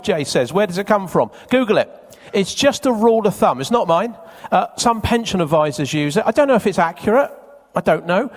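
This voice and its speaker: A man speaks live at a seminar and keeps questioning and teasing the crowd. His voice sits high and swings widely. It carries a long reverb of a big hall. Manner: chatty, teasing, quizzes the crowd. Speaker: event speaker. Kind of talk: live seminar talk to an audience. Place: conference hall with a live audience.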